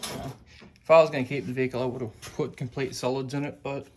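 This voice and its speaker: This man's voice is medium in pitch and darkish, level in tone and fast. He is a home mechanic chatting as he goes while working on a car part in his workshop, out of breath and poking fun at himself.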